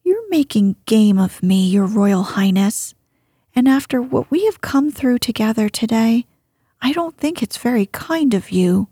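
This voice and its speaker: A gruff, offended boy with a soft breathy tone, as a woman reads him in a storybook tale, mellow and unhurried, close and dry. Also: mid-range voice, fairly even intonation, no echo. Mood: hurt. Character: young miner boy, gruff and sulky.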